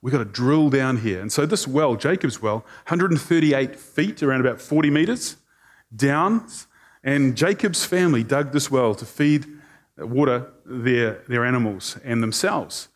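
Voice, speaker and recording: A male preacher giving a conversational sermon, animated and joking with the congregation. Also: mid-range voice, unhurried.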